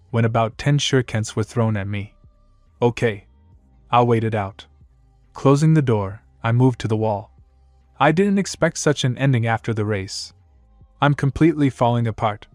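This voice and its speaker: A man's voice: mid-range voice, moderate pace, darkish tone, no echo. Male narrator, first-person fanfic, wry complaining tone, dry booth sound, faint music bed. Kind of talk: first-person fan fiction reading.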